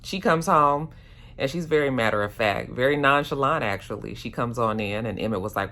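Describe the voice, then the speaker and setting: A woman's voice: a bass voice, brisk, fairly bright tone. A woman giving a casual, slangy recap of a TV episode. She talks into a handheld phone in a hotel room. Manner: chatty, slangy, acts out characters' lines. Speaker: TV episode reviewer.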